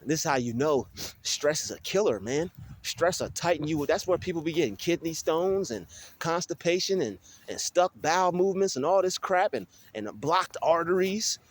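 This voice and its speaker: A young man vlogging on his phone while walking outdoors in a field, talking in an animated, ranting way with many restarts. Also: on the high side, moderate pace. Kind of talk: casual vlog monologue. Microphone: phone held while walking.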